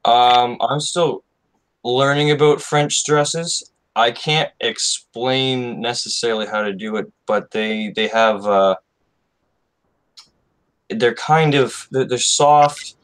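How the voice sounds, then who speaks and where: A man speaking as a native English co-host in a casual chat, relaxed and joking at times. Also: medium pitch, takes it slowly, clean tone, poor audio.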